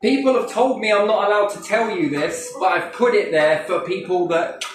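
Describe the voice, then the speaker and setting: A man's voice: high-pitched, moderate pace. A man speaking to a group in a playful, rambling way, swearing freely and acting out quotes. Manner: animated, cheeky, swears freely, acts out quotes. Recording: echoey room, distant mic, faint noise.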